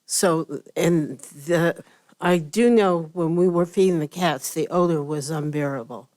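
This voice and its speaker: A woman neighbor giving a deliberate statement during public comment at a county meeting. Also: sits low, darkish tone.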